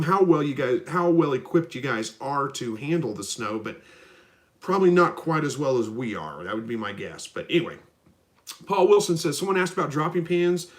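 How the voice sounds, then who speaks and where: Guy with a stuffed-up nose, rambling live stream chat, laid back, chuckles a lot. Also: a little high. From Southwest Missouri. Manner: easygoing, rambling, chuckles often. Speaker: livestream host. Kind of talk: casual live chat answering viewers.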